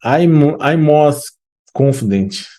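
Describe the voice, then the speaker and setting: A man's voice: on the high side, lively intonation, slow pace, mellow. A man from Brazil with a Brazilian Portuguese accent, a guest in an English-learning interview, speaking hesitantly with many fillers and restarts. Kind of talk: casual interview.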